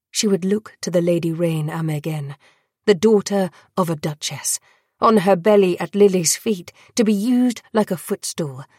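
A woman reading a dark fantasy audiobook in a measured, dramatic narrating style. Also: on the low side, no echo, studio quality. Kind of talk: scripted narration.

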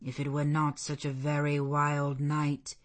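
A woman voicing a grave, reserved male clergyman who speaks in a measured, evasive way. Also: sits low, monotone, voice pushed down.

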